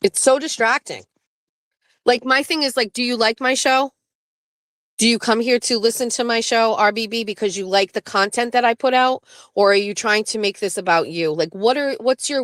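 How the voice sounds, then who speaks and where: A woman's voice: medium pitch, a bit bright, dry recording. Woman livestream host, casual and blunt, swears freely, dry close sound. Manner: blunt, profane, talks back to chat. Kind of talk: casual live-stream chat with viewers.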